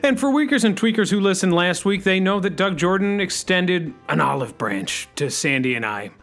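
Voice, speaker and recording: A man playing an overexcited talk-radio host who says "freaking" constantly and leaps up in pitch. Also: animated, moderate pace, fairly bright tone, soft background music. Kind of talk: comedy radio-show sketch.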